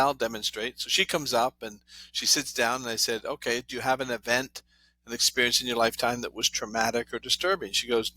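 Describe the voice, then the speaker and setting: Middle-aged guy, bright forceful voice, dry close mic, animated storyteller. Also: mid-range voice, no echo. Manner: animated anecdotes, acts out quoted voices. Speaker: guest, trauma therapist. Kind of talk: storytelling in a podcast interview.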